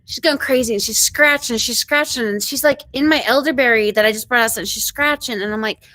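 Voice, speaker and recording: A woman hosting a ranch live stream, telling a story in an animated, quick way and acting out what people said. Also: fairly high pitch, dry recording. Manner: animated, quick retelling with acted-out quotes. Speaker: ranch channel host.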